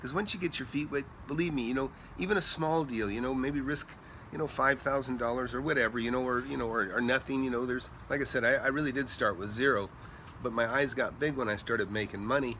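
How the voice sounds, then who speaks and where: A middle-aged man telling rambling, animated stories as a real estate investor, chatting casually outdoors by a pool at night. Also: mid-range voice, a little fast, a little hiss or hum. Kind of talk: casual storytelling vlog.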